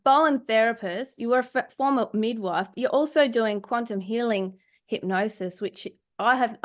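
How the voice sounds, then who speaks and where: A woman's voice: fairly high pitch, moderate pace. An Australian woman hosting a podcast, chatting casually in a bubbly, effusive way and laughing often. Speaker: podcast host. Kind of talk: casual chat.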